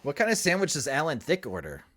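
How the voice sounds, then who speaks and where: A male podcast co-host asks a guest questions in a loose, friendly way. His voice is fairly high and swings widely as he talks. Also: huge pitch swings, fast, a bit bright, slight background noise. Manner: friendly questions, laughs along. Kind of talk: casual interview chat.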